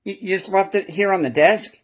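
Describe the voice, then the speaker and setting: A man playing an excitable young male disciple in a church skit, leaving a rambling, animated voicemail and chuckling as he talks. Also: high voice, a little fast, close to an everyday voice. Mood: eager. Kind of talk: amateur church skit monologue.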